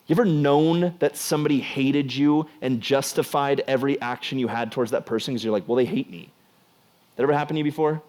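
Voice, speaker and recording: A young man preaching a casual youth sermon, animated and jokey, acting out the scenes. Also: mid-range voice, fast, hardly any pauses. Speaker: youth pastor.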